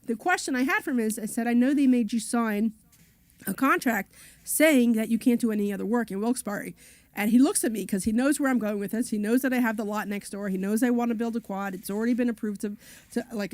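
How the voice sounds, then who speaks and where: A woman's voice: a little high, fast, a little mellow, no echo. Chatty, long-winded woman co-host. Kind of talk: casual radio talk.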